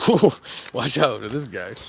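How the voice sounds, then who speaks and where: A man's voice: medium pitch, expressive, takes it slowly, gravelly, a little hiss or hum. A man vlogging on a dog walk, rambling and joking, laughing at himself as he talks. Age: adult with kids. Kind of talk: casual walk-and-talk monologue.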